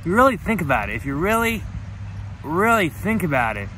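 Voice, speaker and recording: Bright-voiced man in a rambling rant. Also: high voice, very animated, brisk, a little hiss or hum. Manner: rambling, rhetorical, swearing, talks to unseen haters. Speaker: comedy vlogger. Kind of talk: comedic rambling rant to the camera. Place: outdoors on a hike.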